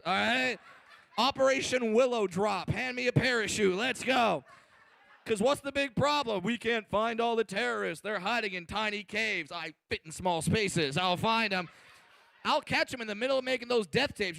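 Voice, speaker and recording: A man in his twenties doing a loud, brash, profane stand-up routine on a comedy stage. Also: extremely high pitch, moderate pace, creaky, no room sound. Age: 20s.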